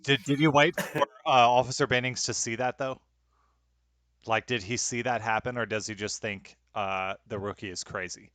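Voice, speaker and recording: A man serving as game master of a tabletop role-playing game, calmly explaining rules and outcomes. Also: mid-range voice, moderate pace, no room sound. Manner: explanatory, calm rulings.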